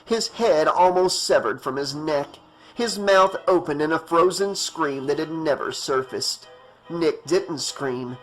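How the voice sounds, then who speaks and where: Male audiobook narrator, fairly high voice, tense dramatic reading, faint background music. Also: a little slow, a bit bright, poor audio.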